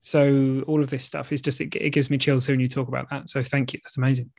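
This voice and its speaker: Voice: medium pitch, little pitch movement, fast, gravelly, a little mellow, no echo, studio quality. A podcast co-host who sounds upbeat and enthusiastic while chatting. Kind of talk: casual chat.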